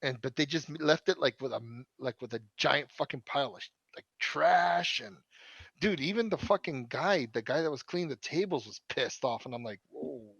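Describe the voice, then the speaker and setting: A man's voice: a little high, lively intonation, moderate pace, vocal fry, fairly bright tone, husky, dry recording, dull audio. A young man rambling through a profane story in casual podcast chat. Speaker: podcast co-host.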